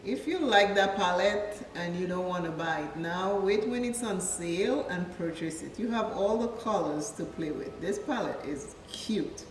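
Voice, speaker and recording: A woman's voice: on the low side, animated, measured pace, hardly any pauses, slight background noise. A woman from Dominica, a makeup vlogger, chatting playfully through a tutorial and drifting into childhood stories. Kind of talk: casual makeup tutorial chat. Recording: echoey room with the mic at a distance. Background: faint music.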